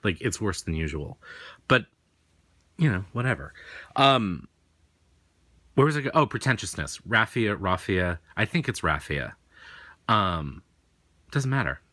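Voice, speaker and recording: A man's voice: on the low side, sing-song, measured pace, long pauses, pushed and bright, no room sound. A man with a faint New England accent, chatting casually and rambling through an unboxing as host. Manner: rambling, chatty, self-deprecating. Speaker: tarot reader and host.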